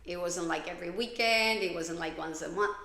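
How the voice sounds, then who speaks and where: Podcast host: a woman from Colombia, low gravelly voice, blunt and confessional, recorded in an echoey room. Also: a little fast, pushed and bright. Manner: candid, blunt, swears freely. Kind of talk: confessional personal monologue.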